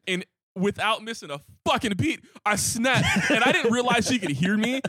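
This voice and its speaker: A man co-hosting a casual podcast, an animated storyteller who swears freely and bursts out loudly. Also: high-pitched, fairly quick, dry recording, studio quality. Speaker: podcast co-host. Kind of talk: casual chat.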